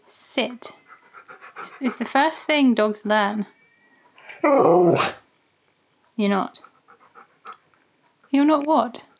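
A woman's voice: mid-range voice, creaky, darkish tone, a little hiss or hum. A woman who makes dog videos, playfully coaxing her dog through tricks and laughing often. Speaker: dog owner and video maker. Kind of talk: talking to her dog during trick training.

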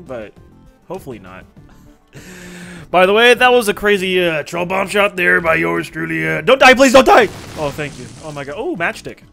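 Gaming creator, man, high bright voice, cursing and laughing through his run, faint game music underneath. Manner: swears freely, laughs often, talks to viewers. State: recently woken up. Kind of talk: casual gameplay commentary.

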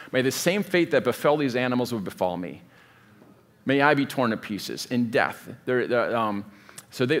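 A pastor with a medium-pitched, fairly bright voice preaches conversationally, drifting into digressions. He frequently breaks off to rethink his wording, thinking aloud mid-sentence.

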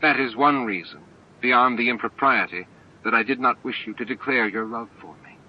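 A man voicing a calm, composed woman of firm resolve in a homemade audiobook, speaking evenly and plainly. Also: mid-range voice, muffled recording, close to an everyday voice. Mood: earnest. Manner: even, measured, plain-spoken.

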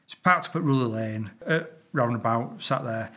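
A man's voice: mid-range voice, normal speed. A middle-aged man with a Yorkshire accent, a retired traffic police officer, telling stories casually to camera, swearing freely and acting out sound effects. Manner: animated, swears freely, makes sound effects, stumbles and repeats.

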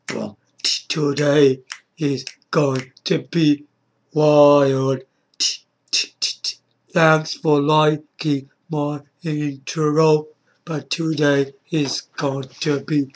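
A man making an excited casual video, beatboxing between lines and breaking into high shouts. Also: slow pace. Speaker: YouTuber.

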